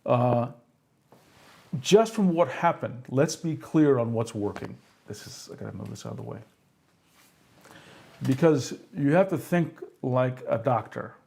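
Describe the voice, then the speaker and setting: On a live tech stream, a man with a warm, mid-range voice demonstrates pen displays, walking through the hardware step by step at a measured pace. He sounds animated, with vocal fry and frequent pauses, and keeps checking in with the audience with "okay?" and "right?" When a demo fails, he laughs at himself.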